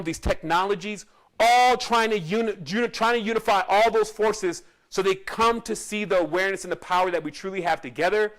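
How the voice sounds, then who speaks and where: A man's voice: high voice, fairly bright tone. A man who teaches spirituality tells a personal story in a casual, rambling way, often restarting and adding asides.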